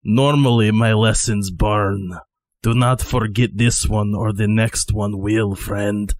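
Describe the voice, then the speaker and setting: A menacing male swordsman, voiced by a woman, growls his lines low and blunt in a tabletop game. He sounds stern and ready for a fight. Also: fairly even intonation, slow, darkish tone.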